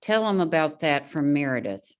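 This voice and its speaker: A woman's voice: sits low, sing-song, moderate pace. A woman sharing her recovery story in a podcast interview, earnest and openly emotional. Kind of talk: personal testimony in a podcast interview.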